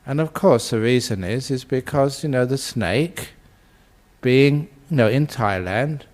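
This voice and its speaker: A man's voice: mid-range voice, unhurried. Give me a chuckling man telling a humorous story in a dharma talk. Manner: chuckles often at his own story; relaxed, conversational, frequent "you know". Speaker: Buddhist monk and teacher.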